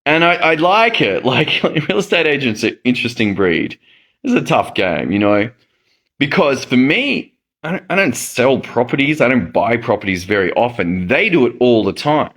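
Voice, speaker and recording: A man's voice: medium pitch, very animated, moderate pace, fairly bright tone. A middle-aged man telling a personal story in a casual monologue, acting out the reactions he quotes. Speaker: medical educator and host.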